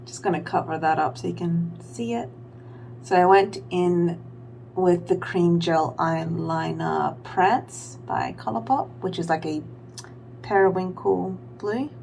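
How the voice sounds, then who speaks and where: A young woman with a lowish, gravelly voice chats through her makeup routine in a loose, rambling way, full of "like" and small self-mocking asides. A faint hum sits under the recording. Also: measured pace, a little mellow. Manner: rambling, filler-heavy, self-deprecating. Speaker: beauty vlogger. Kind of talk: casual makeup tutorial chat.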